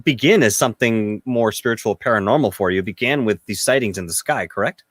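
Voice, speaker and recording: A man hosting an interview, asking measured, careful questions. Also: fairly low pitch, no room sound, clean studio sound. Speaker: host.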